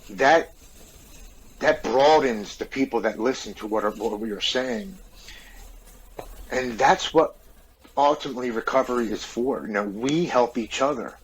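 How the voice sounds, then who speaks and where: A man's voice: medium pitch, slight background noise, low-quality recording. A middle-aged man from the United States, a podcast guest earnestly retelling his story with many restarts. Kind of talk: casual interview storytelling.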